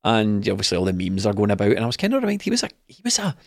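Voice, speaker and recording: A man's voice: fairly low pitch, huge pitch swings, racing, creaky, no echo. Dry-sounding scottish man mocking. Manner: mocking, laughs while talking. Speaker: podcast co-host. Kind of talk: casual chat.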